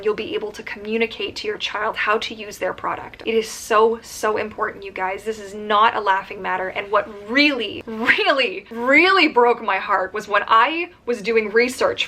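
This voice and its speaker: A woman's voice: mid-range voice, fairly bright tone. A woman vlogging to camera about her profession, earnest and emphatic, speaking with open anger. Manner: earnest and emphatic, openly angry; lists points in rapid runs. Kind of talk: direct-to-camera vlog.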